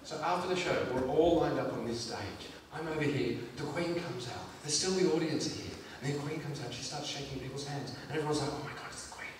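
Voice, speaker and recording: An Australian man telling an animated stand-up story on a theatre stage. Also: on the high side. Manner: animated, switches into quick voices for others. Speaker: stand-up comedian. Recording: echoey theatre from far off with audience noise.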